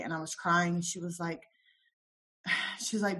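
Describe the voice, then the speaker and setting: Woman recounting her story, soft and halting. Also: lowish voice, flat delivery. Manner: tells her story with quoted dialogue, soft and halting with many ums. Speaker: interview guest. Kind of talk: personal story in a podcast interview.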